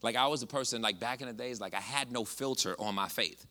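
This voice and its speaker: Guy pastor preaching, bright tense voice, goes from quiet to really loud, lots of restarts. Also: mid-range voice, fast. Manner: passionate, swings from hushed to loud; conversational with restarts and asides. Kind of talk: preaching a sermon with a personal story.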